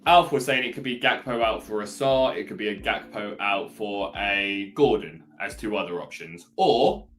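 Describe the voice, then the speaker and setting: A man co-hosting a casual fantasy football podcast, calmly laying out his options one by one with a dry sense of humour. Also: lowish voice, moderate pace, faint music behind. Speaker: podcast co-host.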